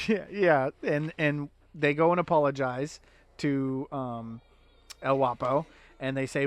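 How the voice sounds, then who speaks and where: A man co-hosting a casual movie review podcast, who laughs often and summarizes the plot in a relaxed way. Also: medium pitch, a little slow, no echo. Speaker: podcast co-host.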